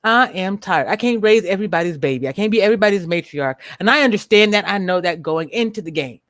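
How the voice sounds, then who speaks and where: A woman hosting a livestream, speaking bluntly and with profanity as she rants at viewers, slowing down to stress her words. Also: mid-range voice, animated, no echo, clean studio sound. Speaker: livestream host. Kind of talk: unscripted livestream commentary.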